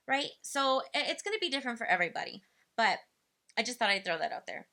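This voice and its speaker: A woman's voice: mid-range voice, animated, quick pace, pushed and bright. A young woman casually advising parents on toddler speech, chatty with lots of fillers. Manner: chatty, filler-heavy, acts out playful quotes to children. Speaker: speech development educator. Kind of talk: casual advice talk to parents.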